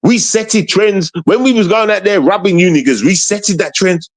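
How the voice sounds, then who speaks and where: Man, forties, confrontational livestream rant, repeats every line, slightly high voice. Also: moderate pace. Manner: repetitive, confrontational street slang. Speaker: streamer. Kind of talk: casual ranting livestream.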